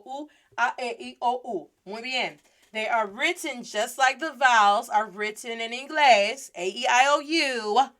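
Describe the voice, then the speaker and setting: A woman hosting a podcast and giving a playful, animated Spanish lesson, mixing Spanish phrases into her English. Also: on the high side. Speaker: podcast host and Spanish teacher.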